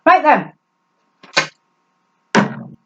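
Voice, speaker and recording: A woman performance poet delivering a spoken word set with a sardonic, lively manner and the odd laugh. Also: drawn-out words, a little hiss or hum. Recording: dull lo-fi recording.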